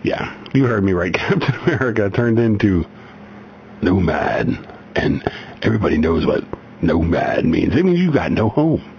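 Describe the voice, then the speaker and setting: A radio host with a lowish, darkish voice, big pitch swings, and a moderate pace chats casually and reads a news story aloud, restarting often, correcting himself, rambling, and chuckling frequently. He's getting over a migraine, and the radio recording sounds slightly dull with faint background noise.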